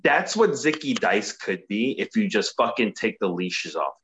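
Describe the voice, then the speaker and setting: A man co-hosting a casual podcast, recapping a show with animated, profane commentary. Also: on the low side, a little slow, poor audio. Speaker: podcast co-host. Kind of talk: casual wrestling recap chat.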